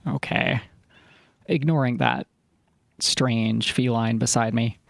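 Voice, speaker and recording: A man's voice: mid-range voice, slow pace, gravelly, dry recording. A man live-streaming a puzzle game, thinking aloud as he works through problems and apologizing for sounding snappy. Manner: apologetic and self-aware. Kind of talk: live-stream commentary while playing.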